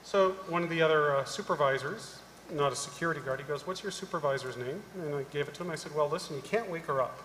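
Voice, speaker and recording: Man, middle-aged, conference panelist, lively storytelling, slightly high voice, roomy hall echo. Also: quick pace, a little hiss or hum. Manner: animated anecdote-telling, acting out quoted voices. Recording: echoey hall, live panel mic.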